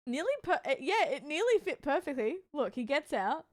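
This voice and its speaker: A woman streamer with a high voice and wide pitch swings chats casually with her viewers at a moderate pace. She reacts to video clips, laughing often and letting out amused exclamations.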